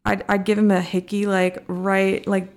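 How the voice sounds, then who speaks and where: A woman's voice: medium pitch, flat delivery, moderate pace, darkish tone. A woman co-hosting a casual chat, recapping a reality show with crude jokes and frequent laughter. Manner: crude, joking, laughs often, acts out quotes. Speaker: podcast co-host.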